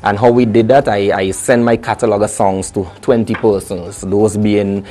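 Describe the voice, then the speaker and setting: A young adult man, a soca artist chatting lively and casually in an interview. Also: lowish voice, normal speed, a little hiss or hum. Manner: lively, chatty, full of restarts and local phrasing.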